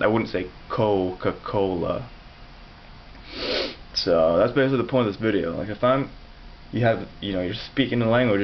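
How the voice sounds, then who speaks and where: Low-voiced man rambling through a lo-fi video. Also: a little hiss or hum. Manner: rambling, self-correcting, explanatory. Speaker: language vlogger. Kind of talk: casual talk to camera.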